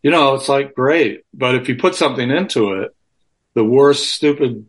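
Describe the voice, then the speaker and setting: A man's voice: mid-range voice, normal speed. A man being interviewed from his home over a remote call, in a mid-range voice. He talks frankly and loosely, swears freely, and often restarts his sentences as he works through his thoughts. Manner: frank and profane, rambling with many restarts. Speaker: guest musician. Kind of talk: candid conversational interview.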